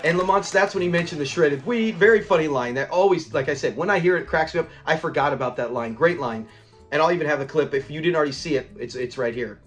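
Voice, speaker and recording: Male reviewer, casual recap, acts out quotes; mid-high voice with soft music under. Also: quick pace. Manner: rambling retelling, acts out lines and laughs. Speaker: show reviewer.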